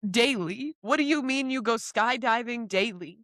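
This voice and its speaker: A young woman co-hosting a podcast, reacting in a casual chat with quick teasing comments and frequent laughter. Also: on the high side, animated, fairly bright tone, no room sound, clean studio sound. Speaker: podcast co-host.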